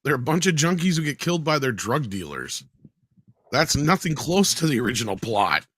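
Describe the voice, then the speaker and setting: A man's voice: medium pitch, big pitch swings, normal speed, fairly bright tone, slightly rough. Teasing male panel moderator. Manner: teasing, blunt. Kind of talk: casual panel chat.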